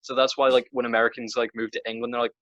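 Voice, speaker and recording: A man's voice: mid-range voice, level tone, very fast, a bit bright, dry recording. Northern Irish man, podcast co-host, rambling casual delivery, dry and dull lo-fi audio. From Northern Ireland. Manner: rambling, many restarts and fillers. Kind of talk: casual chat.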